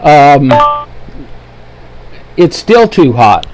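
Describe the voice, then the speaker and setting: A man's voice: on the high side, sing-song, extremely slow, crowd noise. A man with an Ohio accent hosting a casual live trading webinar, easygoing and joking with viewers while he sets up his microphone. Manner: easygoing, joking, fiddly with mic levels. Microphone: desk microphone he adjusts.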